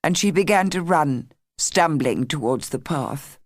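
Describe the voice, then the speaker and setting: Woman audiobook narrator, low voice, lively rise and fall, slow and measured, dry close sound. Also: no echo. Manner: measured, expressive storytelling. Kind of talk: scripted narration.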